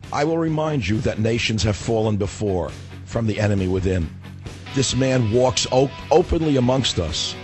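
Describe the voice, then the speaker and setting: A middle-aged man hosting a radio talk show, hoarse as his voice gives out, ranting in a fiery, combative way. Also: medium pitch. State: hoarse, voice going.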